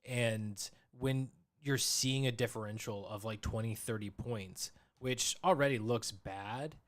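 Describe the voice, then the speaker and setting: A man co-hosting a movie review podcast, talking casually and excitedly into a close mic, with quick restarts. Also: medium pitch. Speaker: podcast co-host.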